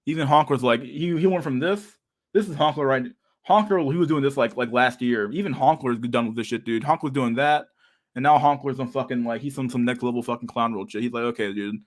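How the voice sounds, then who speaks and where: A young man talks through a casual livestream chat. His speech is loose, full of slang and swearing, and his tone is sarcastic. His voice sits at an ordinary middle pitch for a man. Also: fairly quick. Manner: profane, slangy, laughing, sarcastic. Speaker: livestream host.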